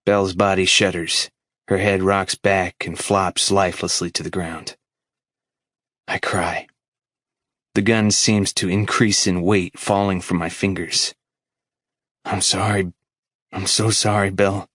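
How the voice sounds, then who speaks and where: A man's voice: low voice, flat delivery, measured pace, a bit bright, no echo, clean studio sound. A man narrating an audiobook in the first person, grave and emotional.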